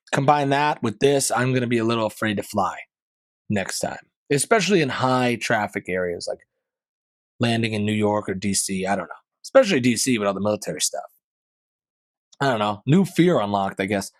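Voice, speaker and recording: A man's voice: fairly low pitch, brisk, dry recording. A man hosting his own podcast, talking through the week's news in a loose, rambling way with plenty of fillers and asides. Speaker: podcast host. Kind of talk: casual solo commentary.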